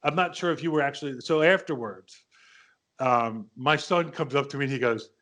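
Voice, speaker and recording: A man's voice: mid-range voice, moderate pace, pushed and bright. Male podcast host, 50s, mid-range voice, casual storyteller who rambles and quotes the people in his story. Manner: rambling anecdotes with quoted dialogue, frequent restarts.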